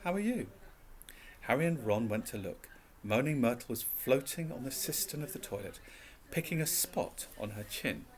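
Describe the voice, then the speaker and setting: A man narrating a storybook reading in a calm, even way. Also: mid-range voice, moderate pace, few pauses.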